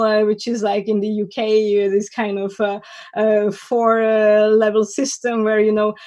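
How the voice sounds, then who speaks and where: A woman's voice: fairly high pitch, darkish tone, dry recording. A woman giving an academic conference lecture, critical and wry, with many fillers and restarts. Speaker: conference speaker. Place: online conference talk.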